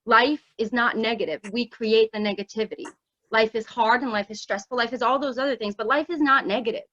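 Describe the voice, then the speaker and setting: A woman's voice: fairly high pitch, steady tone, fairly quick, bright, forceful tone, no echo. A woman founder speaking in a casual conversation, earnest and reflective, restarting her sentences. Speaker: project founder. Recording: dull, dry recording.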